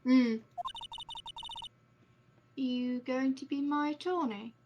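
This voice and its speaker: A woman reading aloud the lines of a frightened, tired young woman accused of murder, soft and hesitant. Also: fairly even intonation, takes it slowly, highs cut off. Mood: weary. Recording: noisy low-quality mic.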